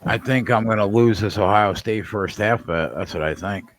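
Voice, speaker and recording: A man's voice: lowish voice, normal speed. A man co-hosting a live betting stream, answering with dry, laid-back remarks. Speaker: co-host. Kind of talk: casual betting chat.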